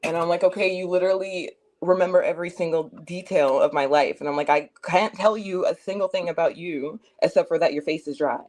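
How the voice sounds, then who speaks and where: A woman's voice: lowish voice, fairly quick, hardly any pauses, a little mellow. A young adult woman hosting a stream, retelling a chat argument in a casual, heated way with lots of swearing and emphasis. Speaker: streamer host.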